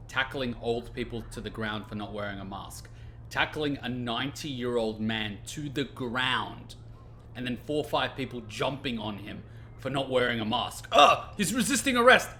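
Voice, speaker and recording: A man's voice: medium pitch, a little hiss or hum. A man hosting a let's play, telling stories and ranting in casual commentary, swearing freely. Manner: animated, ranting storyteller who swears freely. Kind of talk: casual commentary over gameplay.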